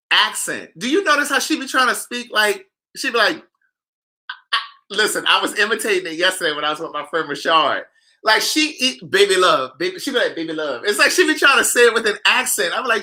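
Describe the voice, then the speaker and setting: Sassy man with a very bright voice. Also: high voice. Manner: animated, sassy, talks straight to viewers. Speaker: author hosting a live chat. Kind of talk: casual gossip chat reading viewer comments.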